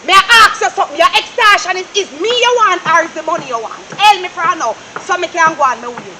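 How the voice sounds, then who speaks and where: A woman's voice: extremely high pitch, expressive, quick pace, noisy background. An actress playing a confrontational young Jamaican woman who repeats her accusations in patois. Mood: accusing. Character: sharp-tongued young woman scolding her boyfriend. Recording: roomy, distant mic.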